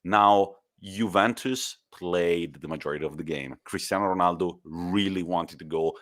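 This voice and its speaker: A man co-hosting a podcast, telling football stories in a lively way with laughs and the odd swear word. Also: sits low, normal speed. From Italy. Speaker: podcast co-host. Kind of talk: casual football chat.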